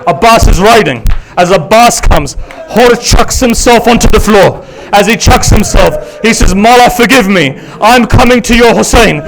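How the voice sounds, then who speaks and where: A male preacher telling a tragic story in an emotional sermon, often dropping to hushed tones and then rising again. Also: high voice, normal speed, few pauses. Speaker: Muslim preacher.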